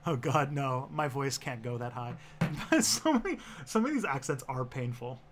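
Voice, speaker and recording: A man's voice: medium pitch, lively intonation, moderate pace, background noise. A man from Canada with a Toronto accent, rambling and restarting sentences in a casual chat as co-host.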